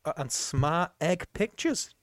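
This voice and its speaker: A man's voice: a little high, big pitch swings, takes it slowly, a bit bright, no echo, studio quality. A man co-hosting a podcast, chatting casually with jokes and frequent laughs. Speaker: podcast co-host. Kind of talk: casual commentary chat.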